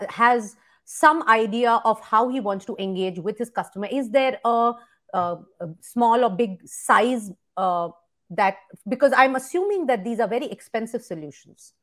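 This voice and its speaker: A woman hosting a podcast interview, asking long, winding questions. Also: medium pitch. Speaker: podcast host.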